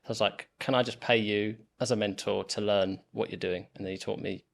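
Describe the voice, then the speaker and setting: A man's voice: fairly low pitch, steady tone, brisk, gravelly, fairly bright tone. Man in his thirties, podcast guest. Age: 30s. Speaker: property investor guest. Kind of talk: podcast interview.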